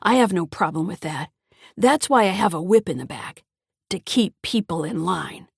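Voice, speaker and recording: A woman's voice: lowish voice, lively intonation, normal speed, vocal fry, breathy edge, no echo, studio quality, full character voice. Woman doing a menacing old grandfather. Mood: threatening. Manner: menacing, barking commands. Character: gruff, bullying older grandfather with a violent temper.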